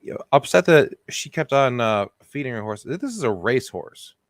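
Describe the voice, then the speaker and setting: A man co-hosting a comedy podcast, telling stories in an animated way and laughing as he goes. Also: mid-range voice, normal speed, no echo, clean studio sound. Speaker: podcast co-host. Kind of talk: comedic storytelling chat.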